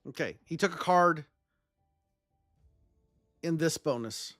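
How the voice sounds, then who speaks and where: A man's voice: a little high, slow, fairly bright tone, no echo, studio quality, faint music behind. A man streaming a strategy game live, chatting and joking with his viewers as he plays. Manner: chatty, joking, talks to chat.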